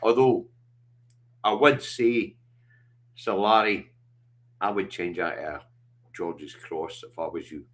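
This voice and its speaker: Sweary scottish guy hosting a stream, deep voice, blunt and fired up. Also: fairly even intonation, slow pace, long pauses, fairly bright tone. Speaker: livestream host. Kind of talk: casual chat.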